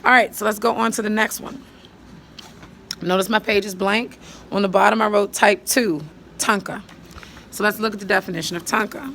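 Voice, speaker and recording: A woman teacher patiently walking students through writing a poem, counting syllables aloud and thinking out loud as she writes. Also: medium pitch, fairly even intonation, moderate pace, pauses often, a little hiss or hum. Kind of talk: step-by-step poetry lesson.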